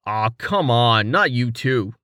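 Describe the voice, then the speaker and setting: A man voicing a young male adventurer who speaks flatly and dryly. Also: medium pitch, slow, no echo. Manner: flat, dry. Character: young male adventurer leader, dry humored.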